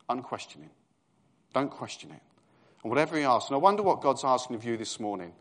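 A man's voice: medium pitch, very animated, brisk. A man in his fifties with a London East End accent, preaching a sermon in a conversational tone that rises to emphatic proclamation.

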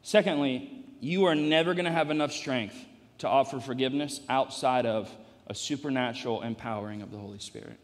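A male pastor delivering a sermon, emphatic and repetitive, rising to loud peaks in a church. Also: on the high side, long reverb tail. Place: church sanctuary.

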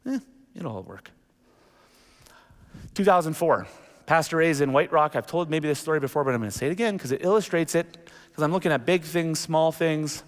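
Middle-aged male pastor, slightly high voice, animated storytelling sermon, reverberant church hall. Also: brisk, pauses often. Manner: animated storytelling, jumps into acted quotes. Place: church sanctuary. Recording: long reverb of a large hall.

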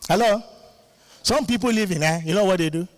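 A male guest preacher giving a lively sermon, laughing often and calling out to the congregation for responses. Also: sits high, a little fast.

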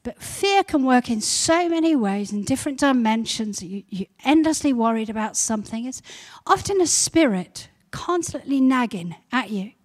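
A woman pastor giving a sermon, building to loud repeated emphasis. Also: a little high, expressive, moderate pace, few pauses.

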